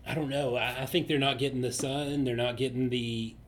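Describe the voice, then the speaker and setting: A man's voice: medium pitch, fairly even intonation, fairly quick. A man, a realtor co-hosting a casual chat in an easygoing, conversational way. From Southeast Tennessee. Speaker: realtor and co-host.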